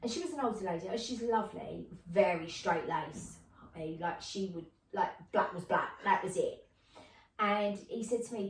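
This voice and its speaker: A middle-aged woman tells stories in a casual podcast chat, slipping into other people's voices as she goes. Her voice sits at an ordinary pitch for a woman. The sound is roomy, with the mic set some way off. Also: moderate pace, distant mic. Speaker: podcast guest, clairvoyant medium.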